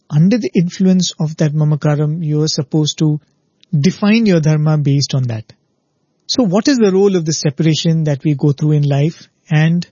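A man gives a spiritual talk in a slightly high, mellow voice, explaining patiently and tossing in "right?" to keep listeners with him. The voice is a little husky. The recording is dull and dry, with no room sound. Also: dry recording. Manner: explanatory, often adds "right?" to check in with listeners. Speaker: spiritual speaker.

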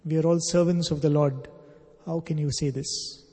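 A man's voice: fairly high pitch, fairly even intonation, normal speed, dark tone, in a large hall. A man doing proud, lecturing priests. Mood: indignant. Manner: indignant, lecturing. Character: group of proud learned priests.

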